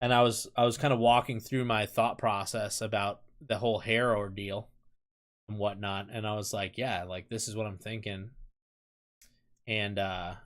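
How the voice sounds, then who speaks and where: A man's voice: on the low side, little pitch movement, moderate pace. A young man hosting a livestream, chatting casually and rambling, laughing often and reading viewer comments aloud from his desk at home. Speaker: livestream host. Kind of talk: casual chat with stream viewers.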